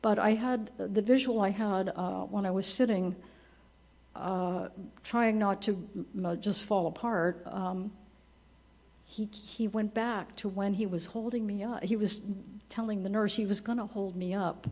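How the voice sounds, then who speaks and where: A woman in her seventies giving a eulogy for her husband at a church memorial, telling gentle, conversational stories and laughing softly at them. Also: medium pitch, steady tone, a little slow. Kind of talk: personal storytelling at a memorial service. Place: church service.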